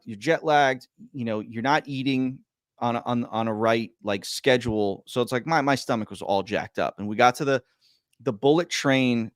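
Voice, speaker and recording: A man casually telling a long story on a podcast, rambling and stumbling over his words, his voice swinging between loud bursts and quiet mutters. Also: mid-range voice, dry recording, clean studio sound. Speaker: podcast guest.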